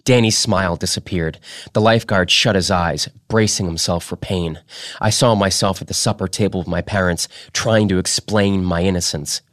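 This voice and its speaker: A podcast host reads fiction aloud in a deep, low voice. His delivery is steady and measured. The recording is dry and close. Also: dry recording.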